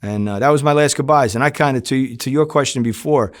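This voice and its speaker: Man, former undercover agent, interview storyteller, mid pitch, salty and animated. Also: a little fast, dry recording, clean studio sound. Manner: profane, animated, acts out quoted dialogue. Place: home in New Jersey.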